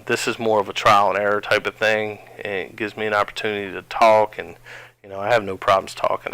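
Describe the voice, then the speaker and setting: A man's voice: on the low side, bright, forceful tone, dry recording. A man from New Jersey with a slight twang, giving rambling, casual commentary over his own gameplay on a headset. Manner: rambling, many restarts and fillers. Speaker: gaming channel host.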